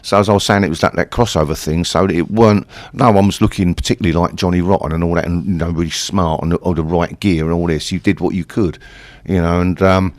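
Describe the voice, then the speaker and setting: A man in his sixties with an East London accent, a punk singer appearing as an interview guest, tells rambling, chatty stories packed with swearing. His voice is low, a little mellow and steady in tone, moving at a quick pace with few pauses. It's a casual storytelling interview in a dry recording.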